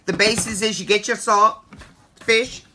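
A chatty woman hosts her cooking show from a kitchen, talking her viewers through a recipe with animated affection. Her voice is bright and forward. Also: medium pitch, a little slow, slight background noise. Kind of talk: casual cooking demonstration.

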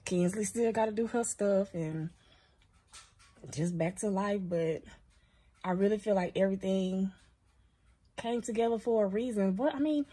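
A woman's voice: medium pitch, unhurried, pauses often, mellow, breathy edge, dry recording. A woman telling a heartfelt story in a casual vlog, speaking into a phone from a parked car. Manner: earnest, heartfelt, rambling. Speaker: vlogger. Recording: car noise in background.

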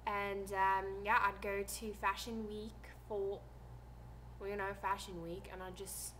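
Soft-spoken rambling teen girl vlogger. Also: mid-range voice, little pitch movement, measured pace, a little hiss or hum. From United States. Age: teens. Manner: soft, rambling, trailing off quietly. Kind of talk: casual vlog chat.

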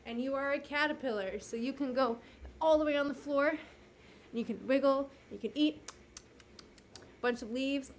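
A woman teaching young children at home, walking them through a movement game and a science activity in a gentle, encouraging way that sometimes loses its place. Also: high-pitched, moderate pace, pauses often, slight background noise. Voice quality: gentle, encouraging, occasionally losing her place. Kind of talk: children's lesson, talking to camera. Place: home with a carpet.

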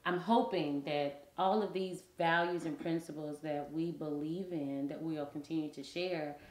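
A woman co-hosting a podcast with her husband, talking in an animated, chatty way about parenting. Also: low voice, unhurried, echoey room. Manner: animated, talkative, self-described verbal processor. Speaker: podcast co-host. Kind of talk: casual parenting chat.

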